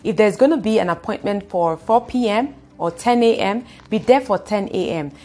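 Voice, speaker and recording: A young Nigerian woman vlogs in a fast, expressive way, with a clear Nigerian accent. Her voice sits at a medium pitch for a woman. She often acts out the people she quotes as she talks. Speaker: YouTuber. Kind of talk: casual vlog talk to camera.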